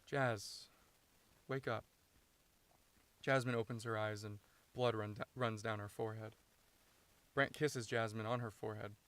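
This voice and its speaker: A man reading his own screenplay aloud, steady and matter-of-fact, inside a parked car. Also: lowish voice, moderate pace. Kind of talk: script read-through narration.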